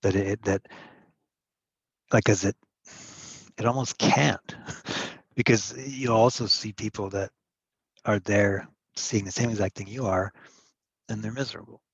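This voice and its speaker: Slow, husky low-voiced man. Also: fairly even intonation, no room sound. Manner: slow, halting, thoughtful, laughs often. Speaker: co-host. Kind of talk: casual reflective chat. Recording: dry, muffled lo-fi audio.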